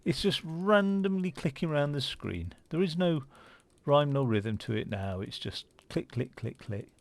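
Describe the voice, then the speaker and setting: A man's voice: a little high, very animated, unhurried, vocal fry, no echo. A man giving casual, rambling commentary while playing a game, with lots of fillers and restarts. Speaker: gaming channel host. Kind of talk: casual let's-play commentary.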